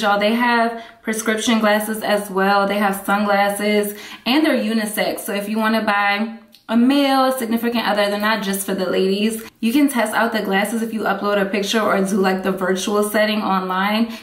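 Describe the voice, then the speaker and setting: A chatty woman talks straight to her viewers in a relaxed, upbeat way. Her voice sits at an ordinary middle pitch, and the room around her rings with a noticeable echo. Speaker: vlogger. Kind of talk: casual chat to camera. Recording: echoey room.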